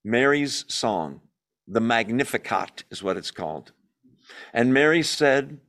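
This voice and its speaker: A man with a voice of ordinary pitch leads a Bible study in a lively, emphatic way. He reads passages aloud, comments on them with opinionated asides, and keeps asking his listeners questions that he answers himself. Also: slow.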